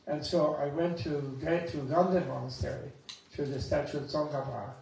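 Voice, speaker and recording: A man giving a Buddhist talk, an animated storyteller with chuckling asides, recorded in a temple hall. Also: a little high, moderate pace, creaky, slight background noise. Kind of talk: dharma talk with anecdotes. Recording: echoey hall, mic at a distance.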